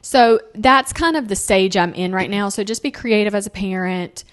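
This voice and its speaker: A woman's voice: mid-range voice, normal speed. A young woman hosting a casual family podcast chat, telling parenting stories and acting out the lines she quotes. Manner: animated storyteller, acting out quotes in sing-song voices. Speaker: podcast host.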